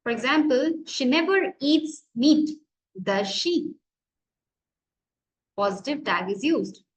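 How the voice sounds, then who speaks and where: A woman's voice: high voice, animated, slow pace, low-quality recording. A woman college lecturer with an Indian English accent, teaching grammar and asking and answering her own questions.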